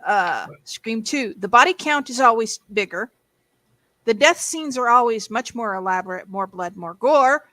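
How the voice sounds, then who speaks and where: A woman's voice: fairly high pitch, lively intonation, moderate pace, pushed and bright, no echo. A woman hosting a casual podcast chat, talking freely and reading notes aloud. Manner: chatty, reads aloud and hums while searching. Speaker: podcast host.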